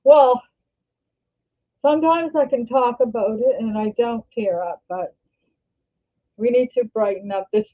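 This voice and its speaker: Older woman on a tinny livestream. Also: fairly high pitch. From Canada. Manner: rambling, halting, self-correcting. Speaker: livestream host. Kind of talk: casual livestream chat. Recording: tinny phone-like sound.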